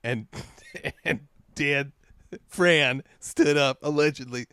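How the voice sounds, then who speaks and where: A man's voice: a little high, slow pace, vocal fry, a bit bright, clean tone, no echo. A man co-hosting a comedy podcast, telling profane stories in casual banter. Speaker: podcast co-host. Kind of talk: casual chat.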